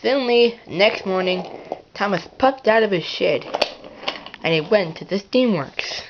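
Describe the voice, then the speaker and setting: A woman's voice: mid-range voice, expressive, measured pace, lo-fi sound, background noise. A woman narrating a playful toy-train story, with casual asides and self-corrections.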